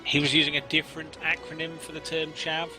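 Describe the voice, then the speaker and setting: A man's voice: on the high side, monotone, a little fast, over music. A man co-hosting a casual podcast chat, rambling and playful with lots of fillers. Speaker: co-host.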